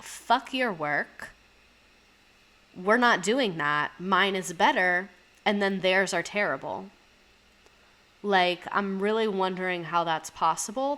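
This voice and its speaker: A woman's voice: on the low side, a bit bright. A young woman reading out viewers' school stories in a chatty, rambling way with lots of asides. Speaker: host reading submitted stories. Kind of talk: casual commentary on reader stories.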